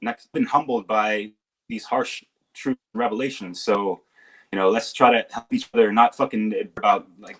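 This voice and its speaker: A man's voice: on the low side, fairly bright tone, rough recording. A man guesting on a podcast roundtable who talks bluntly and swears often. His delivery is heated and casual, and he keeps circling back to his point.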